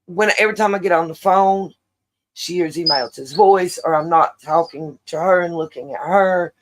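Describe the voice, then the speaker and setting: A woman's voice: on the low side, normal speed, noisy background. A middle-aged woman, hosting a casual livestream and rambling chattily with many fillers. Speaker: livestream host.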